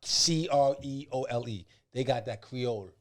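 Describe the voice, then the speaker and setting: A man, a guest in a casual podcast chat, telling stories in a loose, slangy, animated way. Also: medium pitch, normal speed. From the Bronx, New York. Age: 40s.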